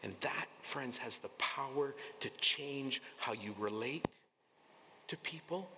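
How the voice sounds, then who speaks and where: Slow, earnest preaching man in a reverberant hall. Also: medium pitch, noisy background. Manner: earnest, emphatic preaching that drops to soft near-whispers. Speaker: pastor. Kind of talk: sermon. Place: church sanctuary. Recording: long hall reverb, faint room ambience.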